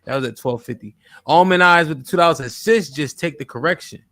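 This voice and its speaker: A man's voice: on the high side, pushed and bright, no room sound. Man host reading super chats aloud. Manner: reads donor messages quickly, asks guests direct questions. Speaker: livestream host. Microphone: studio microphone.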